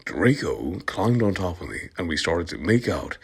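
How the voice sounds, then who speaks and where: A man's voice: low-pitched, big pitch swings, normal speed, gravelly, slightly rough. A man giving an amused, comic reading of a story, breaking off to laugh and comment, sometimes dropping to a whisper. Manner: drops into soft whispers at times. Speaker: channel host reading aloud. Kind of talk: comic reading of fan fiction, ASMR.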